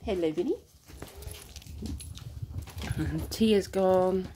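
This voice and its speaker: A woman's voice: lowish voice, extremely slow, dark tone, a little hiss or hum. A woman filming her puppies at home, chatting and cooing to them in a sing-song baby-talk way. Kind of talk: casual chat to dogs while filming. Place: indoor living room at home. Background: puppies playing.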